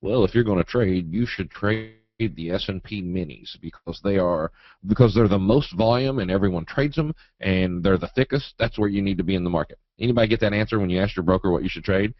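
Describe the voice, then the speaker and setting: A man with a fairly low voice teaches a live trading webinar, folksy and animated as he acts out quotes and chart moves. The sound is dry and a little dull, like audio from a computer mic. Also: fairly quick, no echo. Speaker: trading educator.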